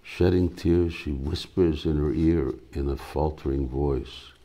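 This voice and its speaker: A man, a spiritual teacher, reading a devotional play aloud with measured, steady narration. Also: rumbling low.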